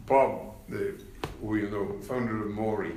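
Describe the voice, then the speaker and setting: An older man, a former party leader, telling anecdotes in an unhurried interview, with many fillers and wry laughs. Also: lowish voice, fairly even intonation, mellow, reverberant, a little hiss or hum. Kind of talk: reflective interview conversation.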